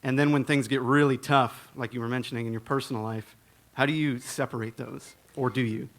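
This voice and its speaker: A man's voice: medium pitch, steady tone, a little fast, fairly bright tone. Hesitant young man asking a question. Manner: hesitant, searching for words. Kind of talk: audience question at a workshop.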